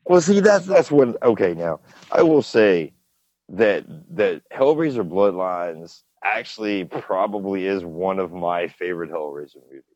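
Deep-voiced blunt male co-host. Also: lively intonation, measured pace, darkish tone, no room sound, lo-fi sound. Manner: blunt, enthusiastic, swears freely. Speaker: podcast co-host. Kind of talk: casual chat.

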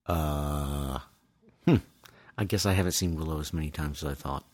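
A man, a lighting technician, talking as a podcast guest. He is relaxed and hesitant and trails off into fillers. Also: rumbling low, moderate pace, no echo. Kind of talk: casual interview chat.

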